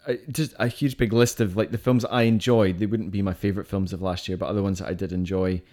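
A man co-hosting a casual podcast eagerly rattles off films he liked and disliked, enthusiastic and full of fillers. He talks fast in a low, steady, slightly mellow voice.

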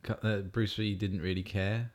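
A man's voice: fairly low pitch, flat delivery, moderate pace. A man co-hosting a casual film podcast, answering briefly and dryly. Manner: brief, dry replies with short laughs. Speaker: podcast co-host.

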